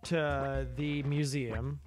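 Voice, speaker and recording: A man chatting loosely while he plays a video game on stream, filling gaps with um's and dropping swears without much thought. His pitch sits in a middle range. Faint game music hums behind him. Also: level tone, extremely slow. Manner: rambling, many um's, swears freely. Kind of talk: casual gameplay commentary.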